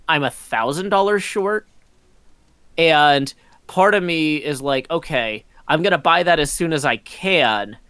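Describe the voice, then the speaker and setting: A man's voice: on the high side, a bit bright, clean tone, dry recording. A middle-aged man hosting a community meeting over a voice call, rambling with lots of ums. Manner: rambling, frequent ums, breaks into laughs. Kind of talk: casual meeting chat. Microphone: computer mic on a voice call.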